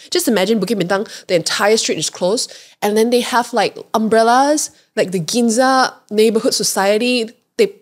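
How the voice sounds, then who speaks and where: Malaysian lady podcast host, casual storytelling, acts out the voices in her stories. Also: fairly high pitch. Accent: Malaysian English. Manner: lively storyteller who acts out quoted voices.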